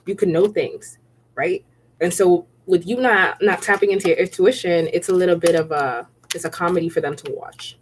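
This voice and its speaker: A woman's voice: lowish voice, fairly even intonation, moderate pace, slight background noise. Chatty woman giving a tarot reading. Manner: chatty and repetitive, often checking in with "okay?" and "right?"; laughs often while speaking. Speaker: tarot reader. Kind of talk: casual spiritual tarot reading.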